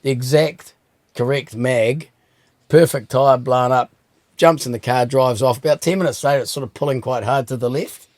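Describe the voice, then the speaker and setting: A middle-aged man hosts a relaxed chat and tells cheeky, dry-humoured stories, swearing freely. His voice sits at a middling pitch and the sound is dry and close. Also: moderate pace, no room sound. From New Zealand. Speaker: host. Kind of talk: casual chat.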